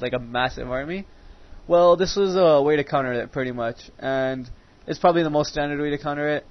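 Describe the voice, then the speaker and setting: A teenage boy giving casual commentary over a strategy game, rambling, swearing freely and drifting off into side stories. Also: medium pitch. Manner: rambling, profane, easily sidetracked. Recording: dull lo-fi recording.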